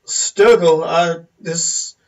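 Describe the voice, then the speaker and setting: A man's voice: fairly high pitch, fairly even intonation, very slow, a little mellow, distant mic. A man voicing a polite village priest who stammers and trips over his words in a fluster.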